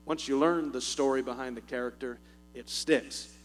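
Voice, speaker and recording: A man's voice: mid-range voice, fairly even intonation, moderate pace. A man with a Southern US accent giving a folksy, joking church talk as a missionary, chuckling often and using many fillers. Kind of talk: informal church talk with humor. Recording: long reverb with faint music and mains hum.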